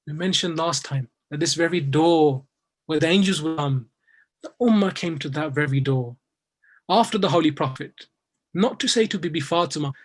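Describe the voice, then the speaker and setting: A man with a British English accent delivering a religious sermon, telling the story and sinking soft and low in its sorrowful passages. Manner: storytelling, grows softer and lower in sorrowful passages, rising with emotion at others. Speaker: speaker at a majlis. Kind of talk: religious sermon, recounting and lamenting.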